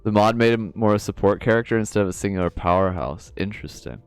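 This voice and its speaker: A man's voice: lowish voice, quick pace, smooth, soft background music. A man streaming a video game, chatting casually and reading the on-screen dialogue aloud.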